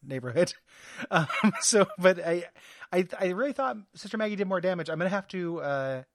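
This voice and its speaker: A man's voice: sits high, lively intonation, fairly quick, no echo, clean studio sound. A man co-hosting a podcast in casual chat, hesitant and full of fillers, laughing easily. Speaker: podcast co-host.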